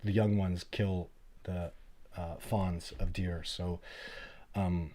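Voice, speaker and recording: A middle-aged man hosting a casual live Q&A, telling stories in an animated, blunt, plainspoken way. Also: low voice, slow. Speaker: host of a livestream Q&A.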